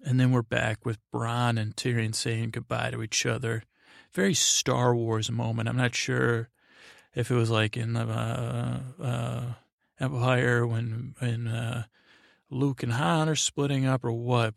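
A male podcast host rambling through a bedtime recap, with lots of fillers and restarts. He paraphrases the characters in a low-key voice. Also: little pitch movement, unhurried, creaky, no room sound, clean studio sound.

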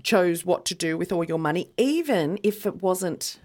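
A woman's voice: lowish voice, lively intonation, normal speed, a little mellow. A woman co-hosting a podcast, casually telling a history story and checking in with "okay" as she explains step by step. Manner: chatty, says "okay" a lot, explains step by step. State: rocking a baby while talking. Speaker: podcast co-host.

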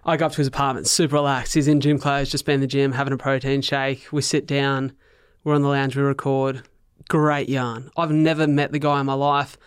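An Australian man chats as a podcast guest, spinning a story with energy. His voice is smooth and clear, recorded up close in a dry, deadened room. He sits at an everyday middle pitch. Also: brisk, hardly any pauses, no room sound. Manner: animated storyteller, acts out what others said. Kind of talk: casual podcast chat.

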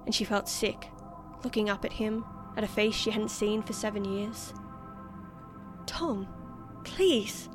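A woman reading a story aloud as narrator in a measured, expressive way. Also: mid-range voice. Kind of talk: scripted narration.

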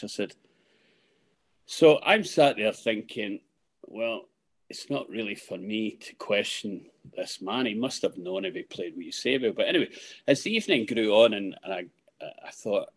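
A man's voice: fairly low pitch, lively intonation, measured pace, breathy edge. A Scottish man in his sixties, a podcast guest telling a long rambling anecdote with many restarts and asides. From Scotland. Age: 60s. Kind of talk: anecdotal storytelling.

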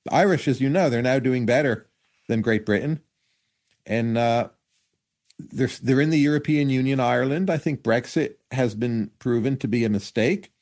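A man answering interview questions as an economist guest, measured and analytical, offering careful hypotheses. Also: medium pitch, darkish tone.

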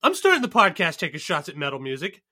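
Bright-voiced sarcastic male co-host. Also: a little high, huge pitch swings, fast talker. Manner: sarcastic, laughing, ranting. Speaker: podcast co-host. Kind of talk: casual podcast chat.

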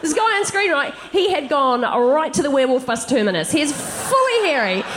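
A woman comedian telling funny stories on stage, giggling and animated as she talks to a live audience. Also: high-pitched, normal speed, background noise. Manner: giggly, animated, laughs through lines. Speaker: comedian, co-host. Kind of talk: live stand-up storytelling.

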